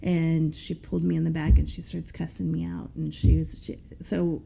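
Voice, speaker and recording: Earnest woman with a gravelly, low voice. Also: little pitch movement, normal speed, dark tone. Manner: earnest, rambling with many fillers. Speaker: guest. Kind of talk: personal storytelling in an interview.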